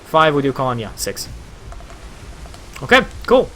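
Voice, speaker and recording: A man narrating a tabletop role-playing game as game master, casual and halting with fillers. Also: medium pitch, wildly swooping pitch, pushed and bright, slight background noise.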